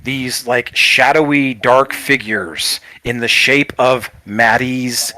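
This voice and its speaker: A man's voice: medium pitch, slow pace, pushed and bright. A man narrating a tabletop game as game master on an online call, describing scenes at length with many fillers.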